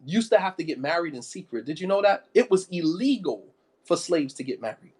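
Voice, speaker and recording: A man's voice: fairly high pitch, very animated, a little fast, a little mellow, husky. A man giving an impassioned sermon, firing off rhetorical questions and repeating phrases for emphasis. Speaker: preacher.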